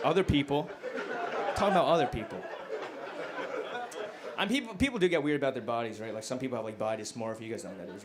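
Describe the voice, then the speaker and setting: A male stand-up comedian doing a crude, self-mocking set, dropping to low mumbles and then bursting out loud. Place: comedy club stage. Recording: live club recording with noticeable background noise. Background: audience laughter.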